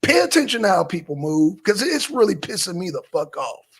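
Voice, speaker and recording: Gravelly, husky man ranting bluntly. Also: high voice, big pitch swings, brisk, fairly bright tone. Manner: blunt, profane, heated. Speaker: livestream host. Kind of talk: political talk stream.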